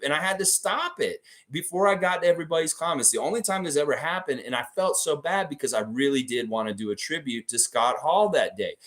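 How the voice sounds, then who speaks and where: Excitable fortysomething male fan host, swears a lot, rambles, slightly high voice. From Florida. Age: 40s. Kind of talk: casual sports fan commentary.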